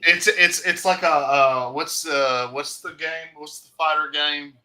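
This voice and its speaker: Excitable young male co-host, sharp bright voice, stumbling restarts. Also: fairly high pitch, unhurried, poor audio. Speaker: podcast co-host. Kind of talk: casual chat.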